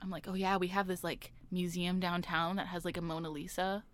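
A woman's voice: lowish voice, a little fast, no room sound. A young woman telling a story in casual podcast chat, acting out the people in it and laughing often. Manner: animated storytelling, acts out callers, laughs often. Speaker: podcast co-host.

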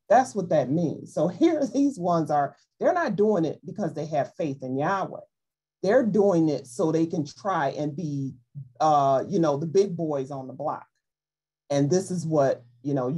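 Woman Bible teacher, lively pitch, slightly husky, informal and playful delivery. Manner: animated, playful, acts out voices in quotes.

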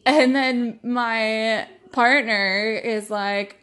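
A woman's voice: fairly high pitch, slow pace, hardly any pauses, a bit bright. A young woman hosting a solo podcast, chatting casually and rambling with laughs as she tells stories about her day as a stay-at-home mom. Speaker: podcast host.

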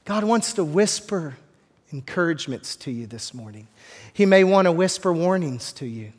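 A man preaching a sermon as pastor, talking in a relaxed, conversational way with repeated words and joking asides to the congregation, in a church. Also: on the high side, moderate pace. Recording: long hall reverb.

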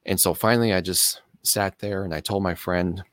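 Man, very low voice, personal storytelling, halting delivery, earnest, dry recording. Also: steady tone, fairly bright tone, no echo. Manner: halting, with pauses and restarts. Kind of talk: personal story told to camera.

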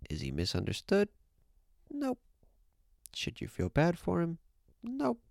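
A young man streams a casual rant into his desk mic, swearing and repeating himself. His voice is gravelly and his pitch swings widely, and he drops into whispers now and then. The sound is dry and close. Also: wildly swooping pitch, a little fast, darkish tone, no room sound. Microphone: own desk mic.

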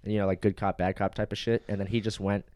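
A man's voice: fairly low pitch, level tone, quick pace, darkish tone, no echo, studio quality. A man on a podcast telling a story casually, swearing a lot and laughing often. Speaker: podcast co-host.

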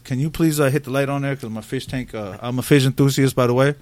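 Fast-talking profane man, podcast chat. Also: mid-range voice, steady tone, darkish tone, no room sound. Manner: profane, rambling storyteller. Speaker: podcast co-host.

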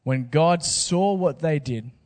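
A man's voice: fairly high pitch, takes it slowly, darkish tone, big-room sound. A man preaching a sermon in a casual, joking way with slang asides. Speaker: pastor.

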